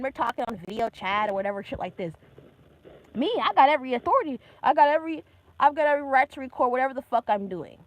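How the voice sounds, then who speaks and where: A woman's voice: fairly high pitch, low-quality recording. A woman in her twenties ranting on a live stream, agitated and heavily profane, talking in bursts into her phone camera out in public. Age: 20s. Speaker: vlogger. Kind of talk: angry live-stream rant.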